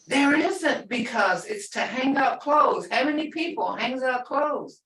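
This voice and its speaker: A woman's voice: high voice, lively intonation, a little slow, fairly bright tone. An older woman teaching a language class, explaining patiently and repeating words, often with a laugh. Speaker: language instructor. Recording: echoey room, far from the mic.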